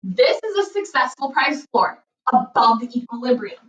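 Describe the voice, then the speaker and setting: A woman's voice: sits high, very animated, normal speed, a bit bright, roomy sound, far from the mic, poor audio. A woman teacher giving a recorded lesson, playful and jokey, who keeps asking "okay?". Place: basement floor at home.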